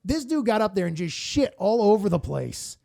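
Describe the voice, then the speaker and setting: High, gravelly-voiced man telling stories. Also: normal speed. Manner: animated, profane, acts out quotes. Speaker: morning radio co-host, guest. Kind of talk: casual storytelling.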